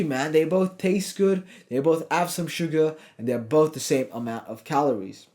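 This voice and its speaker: A young man in his twenties delivers a casual, motivational fitness vlog, blunt and heavy with swearing. His voice sits a little high for a man, and he pushes the listener hard. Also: moderate pace, darkish tone. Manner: profane, blunt, pushy. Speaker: fitness coach.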